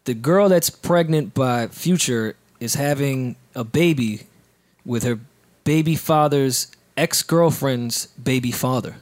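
A man's voice: medium pitch, takes it slowly. A man co-hosting a podcast, telling stories in laid-back banter. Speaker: podcast co-host. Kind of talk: casual chat.

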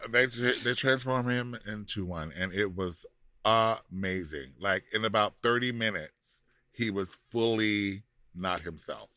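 A man's voice: fairly low pitch, a little slow, pushed and bright, no echo, clean studio sound. A man co-hosting a podcast in casual chat, sassy and drawling, laughing often. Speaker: podcast co-host.

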